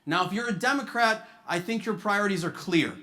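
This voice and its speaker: High, bright-voiced male stand-up comedian. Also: a little fast. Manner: punchy, animated delivery. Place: charity gala stage.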